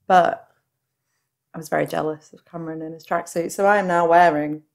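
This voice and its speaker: Casting: young female podcast co-host, slight Mancunian twang, lowish voice, quick teasing humor. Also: fairly even intonation, creaky. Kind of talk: casual chat.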